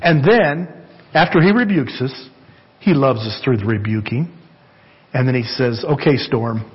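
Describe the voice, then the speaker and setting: A man's voice: mid-range voice, animated, moderate pace, slightly rough, muffled recording. A man preaching a sermon in church, earnest and repetitive, asking the congregation for amens. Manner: earnest, repeats phrases, asks the congregation for amens. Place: church sanctuary.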